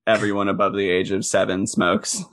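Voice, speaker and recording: A man's voice: on the low side, steady tone, fairly quick, fairly bright tone. A man co-hosting a casual movie podcast, cracking jokes and slipping into silly voices for the characters. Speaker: podcast co-host. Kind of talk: casual movie-recap chat.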